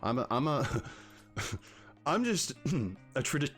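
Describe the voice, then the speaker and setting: Chatty livestream host over faint music. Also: male voice, on the high side, slow. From Canada. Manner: animated, chatty, greets viewers and rants. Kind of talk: casual livestream chat.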